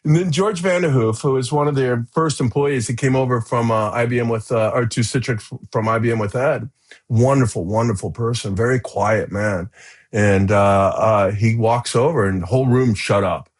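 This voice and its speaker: With a mid-range voice and a moderate pace, a middle-aged man guesting on a podcast tells a lively, casual story. He acts out the shouting and fills gaps with "you know" and "right?".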